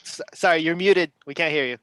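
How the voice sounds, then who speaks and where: A man's voice: a little high, brisk, bright, forceful tone, dry recording. A man hosting an online talk event over a video call, chatty and full of fillers. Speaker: event host. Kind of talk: casual chat and hosting.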